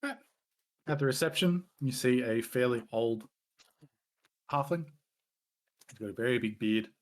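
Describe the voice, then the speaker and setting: A man narrating as game master, describing scenes in a relaxed, loose way. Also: medium pitch, a little slow. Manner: relaxed, loose, many fillers.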